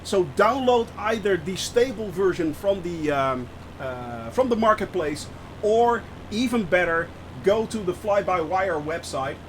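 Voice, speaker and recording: A man streaming a flight simulator, chatting through his flight with lots of fillers and bursts of excitement. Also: sits high, a little slow, slight background noise. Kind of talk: live gameplay commentary.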